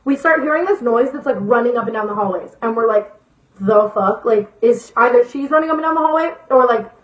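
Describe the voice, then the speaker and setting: A woman's voice: a little high, fast talker. A young woman vlogger telling a storytime tale in a dramatic, profane way, full of fillers. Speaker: YouTuber. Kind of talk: storytime vlog. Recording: echoey lo-fi room sound.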